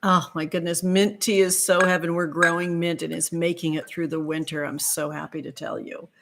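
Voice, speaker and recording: A woman hosting a tarot livestream, chatting warmly with viewers and gushing over their comments with pet names. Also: fairly low pitch, little pitch movement, normal speed, vocal fry, background noise. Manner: effusive, gushing, calls viewers sweetheart. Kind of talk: live-stream chat with viewers.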